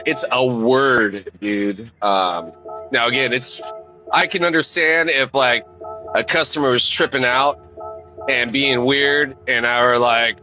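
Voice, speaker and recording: A man's voice: medium pitch, bright, forceful tone, rough recording. A man streaming a sim race, rambling in casual, profane, slang-heavy commentary. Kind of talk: casual commentary while racing.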